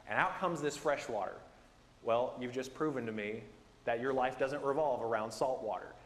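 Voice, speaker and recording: A man teaching a Bible class in a conversational, self-deprecating, animated way. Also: mid-range voice. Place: church building. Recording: echoey hall with long reverb.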